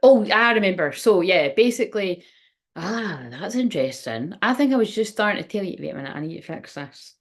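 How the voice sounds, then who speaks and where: A woman's voice: mid-range voice, animated, brisk. A woman reading oracle cards on a casual livestream, chatty and rambling, often exclaiming and laughing at herself. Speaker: tarot and oracle card reader hosting a livestream.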